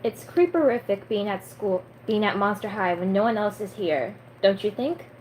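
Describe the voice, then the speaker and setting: A woman's voice: mid-range voice, lively intonation, normal speed, darkish tone, a little hiss or hum, natural voice, poor audio. A young woman reading a vampire father's line aloud in her own voice. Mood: teasing. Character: old vampire father, a school board head.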